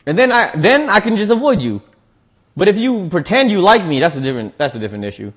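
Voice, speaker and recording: A man's voice: sits high, sing-song, fast talker, a bit bright. A man, chatting casually on a cooking livestream, laughing often and restarting his words as he reads chat. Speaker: streamer reading chat.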